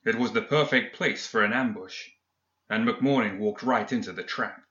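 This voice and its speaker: Male audiobook narrator, steady storytelling, echoey room. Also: fairly low pitch, normal speed, lo-fi sound. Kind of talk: scripted narration.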